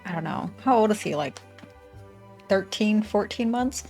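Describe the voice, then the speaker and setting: A woman's voice: mid-range voice, animated, normal speed, a little mellow, soft background music. A woman hosting a reaction video, making chatty, laughing asides to her viewers. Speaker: reaction channel host. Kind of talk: casual reaction commentary.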